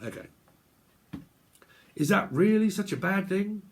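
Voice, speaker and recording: Blunt, swearing tarot reader. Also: male voice, high-pitched, lively intonation, measured pace, vocal fry, a little hiss or hum. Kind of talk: casual tarot reading vlog.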